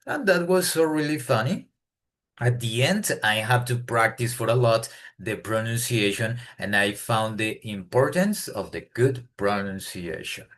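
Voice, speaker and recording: Colombian guy practicing english, slow and halting, keeps hunting for words. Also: fairly low pitch, animated, a bit bright. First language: Spanish. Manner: hesitant, searching for words in a second language. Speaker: English learner. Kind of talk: unscripted speaking practice.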